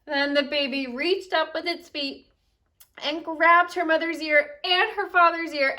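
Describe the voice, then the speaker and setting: Young female teacher, lively read-aloud, lightly distant home recording. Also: sits high, measured pace. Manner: animated storytelling with expressive character voices. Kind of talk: reading a picture book aloud to children.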